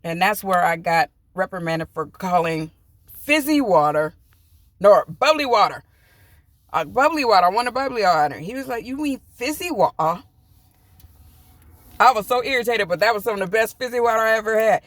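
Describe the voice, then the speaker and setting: A woman from the US telling a personal travel story in a chatty, animated vlog, acting out what people said. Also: medium pitch, brisk, no room sound. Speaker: vlogger. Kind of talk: casual storytime.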